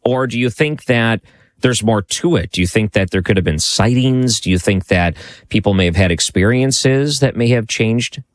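Deep-voiced curious male interviewer. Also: normal speed, no room sound. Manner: curious, asks stacked follow-up questions. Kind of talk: casual interview questions.

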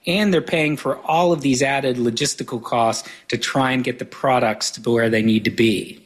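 A man as an energy analyst guest joining a news program remotely, explaining market costs in a steady way. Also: medium pitch, normal speed.

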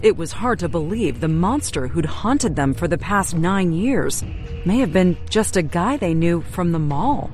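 A woman correspondent reading a scripted true-crime narration in a measured, dramatic way. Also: lowish voice, animated, darkish tone. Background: music bed.

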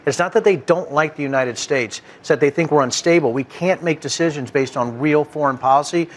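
Fast-talking emphatic man on a panel. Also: a little high. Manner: emphatic, personal, gets emotional. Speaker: panel guest. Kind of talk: political panel debate.

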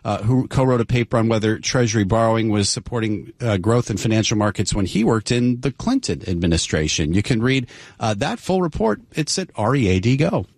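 A man co-hosting radio business news in a relaxed, conversational way. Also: fairly low pitch, brisk, dry recording, clean studio sound. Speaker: news anchor.

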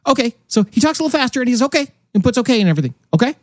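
Male co-host, high and very lively pitch, mocking and animated delivery, dry close sound. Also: rapid-fire, no room sound. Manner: animated, mocking impressions, frequent laughs. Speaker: podcast co-host. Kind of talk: casual political chat.

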